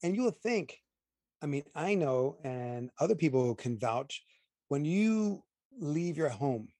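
A man's voice: on the high side, slow pace, no echo, clean studio sound. A man co-hosting a casual movie review chat, emphatic and opinionated as he airs his gripes. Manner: opinionated, emphatic, animated asides. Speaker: podcast co-host.

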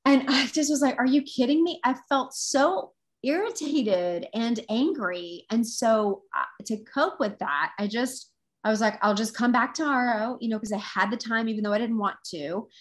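A woman's voice: fairly high pitch, lively intonation, a little slow. A woman guest who teaches intuitive development, telling a story in an earnest, reflective casual chat.

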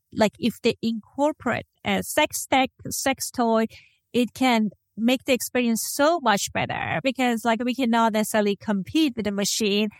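A woman's voice: a little high, no room sound, clean studio sound. A woman podcast host who asks her questions conversationally, searching for words with small restarts.

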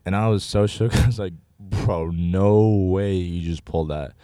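A young man guest tells his story in a laid-back way, calling people "bro." His voice is very deep and mellow. The sound is dry and close. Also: moderate pace, dry recording. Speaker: podcast guest. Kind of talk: casual storytelling.

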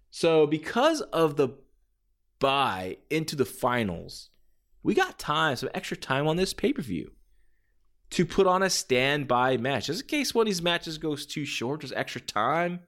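Dude hosting a podcast, rambly and excited, voice goes up and down a lot. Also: male voice, medium pitch, measured pace. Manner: rambling, enthusiastic, acts out quotes. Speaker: podcast host. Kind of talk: casual podcast monologue.

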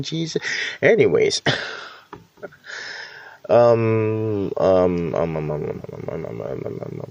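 A man's voice: medium pitch, a little mellow, dry recording, lo-fi sound. A man hosting a casual solo podcast, rambling and self-deprecating, with many fillers, restarts and casual swearing. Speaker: podcast host.

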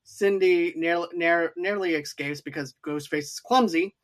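A co-host retells a film's plot in a relaxed, casual chat. The speech rambles and keeps circling back with filler phrases. The voice sits at a middling pitch. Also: unhurried. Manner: rambling, repeats filler phrases like "too, though". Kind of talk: casual movie recap chat.

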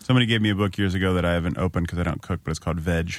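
A man hosting a casual podcast, asking questions and making quick jokes. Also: low-pitched, no room sound, studio quality. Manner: quick, joking remarks. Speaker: podcast host.

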